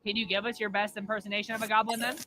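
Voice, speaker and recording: Excitable young-sounding man streaming a game. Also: sits high, very fast, faint music behind. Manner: excitable, laughing. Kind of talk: live game stream commentary.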